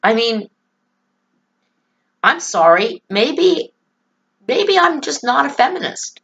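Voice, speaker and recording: A woman political vlogger, her voice a little high and fairly bright, speaks slowly and very animatedly in poor audio. Talking to camera about her life and views, she comes across as earnest, emotional and opinionated.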